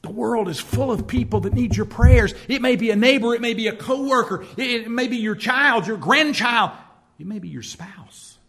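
Bright, high-voiced man preaching a sermon. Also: normal speed, gravelly. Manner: storytelling preacher who acts out quoted speech. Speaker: pastor.

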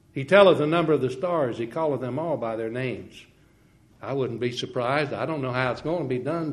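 A man with a mid-range voice preaches a sermon, moving between quiet, folksy asides and loud, slow, ringing quotations from scripture. He laughs a little now and then and restarts some lines.

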